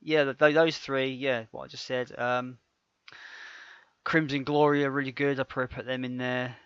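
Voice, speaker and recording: A man's voice: medium pitch, little pitch movement, normal speed, fairly bright tone, clean tone, no room sound. A man co-hosting a podcast, talking casually and enthusiastically with many restarts. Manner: rambling, stumbling restarts, enthusiastic. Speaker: podcast co-host. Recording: dull dry lo-fi podcast audio.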